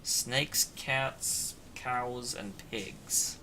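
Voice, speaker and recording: A man's voice: mid-range voice, steady tone, very slow, noisy background. A man streaming a video game, chatting in a casual, sarcastic, playful way. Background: game music.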